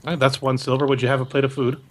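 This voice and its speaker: A man voicing a friendly, businesslike female barmaid in a tabletop game, briskly listing prices. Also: mid-range voice, monotone, lightly acted.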